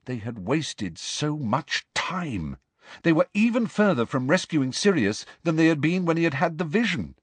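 A man reading a story aloud in a dramatic, expressive narration. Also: a little high, moderate pace, breathy edge, no room sound. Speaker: audiobook narrator. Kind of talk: scripted narration.

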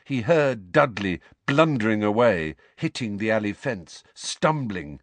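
A man's voice: lowish voice, lively intonation, a little slow, few pauses, dry recording. A man narrating an audiobook, reading a tense fantasy scene dramatically. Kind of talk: scripted narration.

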